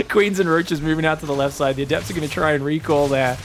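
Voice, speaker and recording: A man casting a strategy game match solo, excitable and chatty, often calling out to his viewers. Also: a little high, fast talker, few pauses, slight background noise. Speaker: esports caster.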